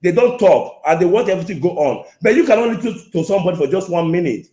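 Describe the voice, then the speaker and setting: A man's voice: sits high, expressive, quick pace, mellow. Insistent male caller on an echoey line. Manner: repetitive, insistent, interrupting. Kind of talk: angry call-in complaint. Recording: echoey lo-fi phone call.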